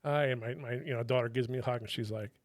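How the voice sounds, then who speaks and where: Man, fifties, podcast guest, animated, profane, quotes others, dry close mic. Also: mid-range voice, quick pace, no room sound. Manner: animated, swears freely, quotes people in their own voices. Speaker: podcast guest, retired federal agent. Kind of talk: casual storytelling.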